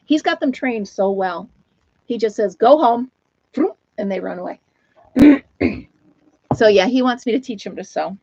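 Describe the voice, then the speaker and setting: A woman's voice: medium pitch, fairly quick, darkish tone, no room sound. Brief: older woman hosting a home live stream, rambling friendly chatter, dry close recording, muffled lo-fi audio. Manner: rambling, chatty, laughs often. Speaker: host of a live knitting chat stream. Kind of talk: casual live-stream chat. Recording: dull, lo-fi, dry sound.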